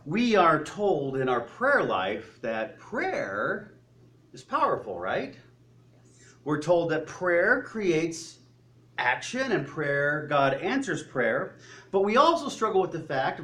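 A man preaching a sermon, telling stories with joking asides and animated retellings. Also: a little high. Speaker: pastor.

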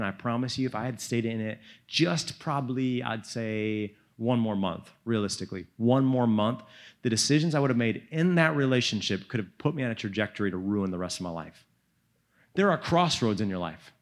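A young man preaching to a youth retreat, retelling scripture in a casual, slangy, dramatic way. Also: medium pitch. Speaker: youth speaker. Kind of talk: sermon.

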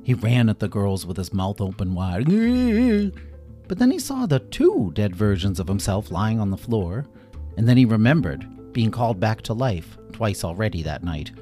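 A man narrating a children's story in an animated way, acting out every character himself. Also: fairly low pitch, moderate pace, faint music behind.

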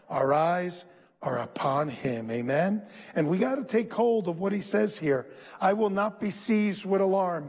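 A male pastor preaching a sermon, leading the congregation to repeat lines back, slowing on key phrases and building to shouts. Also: high voice, big-room sound, highs cut off. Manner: slows and stresses key phrases, rising to shouts. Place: church.

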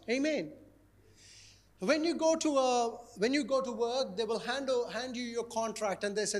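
A male pastor preaching a sermon in an animated, playful way, repeating his key phrases. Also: extremely high pitch, moderate pace.

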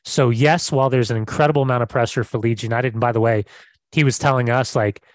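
A man's voice: mid-range voice, fairly even intonation, quick pace, no room sound. An American man co-hosting a soccer podcast in a casual, enthusiastic chat, often repeating words as he restarts. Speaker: podcast co-host.

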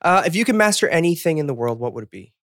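A woman with a low, lively voice hosts a casual podcast interview. She fires off quick questions and reacts to her guest's answers, recorded dry and close. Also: no room sound. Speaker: podcast host.

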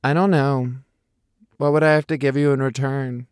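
A man's voice: medium pitch, steady tone, moderate pace, darkish tone, clear, resonant tone, no echo, studio quality, voice pushed up, close to an everyday voice. A man narrating an audiobook voices a cheerful, rambling young man who talks about himself without a filter. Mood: cheeky. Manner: rambling, chatty, self-deprecating.

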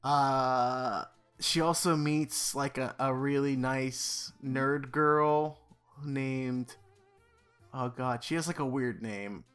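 A man talks through a movie plot on a podcast in a slow, unhurried way. He rambles with plenty of fillers. He keeps slipping in dry, sarcastic jokes. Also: mid-range voice, fairly bright tone, clear, resonant tone, faint music behind. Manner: rambling, filler-heavy with many "like"s; wry, sarcastic asides. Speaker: podcast co-host. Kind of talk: casual film recap chat.

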